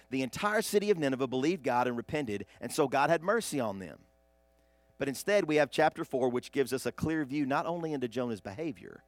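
A man preaching a sermon, swinging from hushed asides to loud, emphatic bursts. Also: medium pitch, dry recording. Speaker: pastor.

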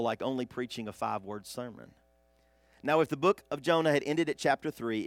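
A man preaching a sermon, swinging from hushed asides to loud, emphatic bursts. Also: medium pitch, no echo. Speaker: pastor.

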